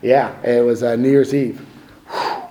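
The speaker, a middle-aged man, recounts stories casually, poking fun at himself and acting out quotes. A little slow and fairly even in intonation, his medium-pitched voice is dark-toned, and the rough recording has slight background noise.

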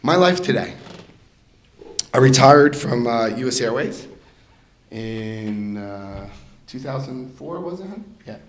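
An older man shares his own story before a group in the loose, animated manner of a practiced speaker. His voice sits at an ordinary middle pitch, and he breaks into laughter and plays out the other people in his story. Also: slow, long pauses. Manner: animated storyteller who acts out dialogue and laughs often. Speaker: recovery meeting speaker. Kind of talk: personal testimony to a group.

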